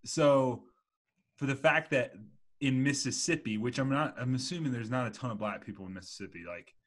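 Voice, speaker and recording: A man's voice: medium pitch, fairly quick, a bit bright. A man in his twenties hosting a casual podcast chat, rambling with lots of "like" and "you know". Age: 20s.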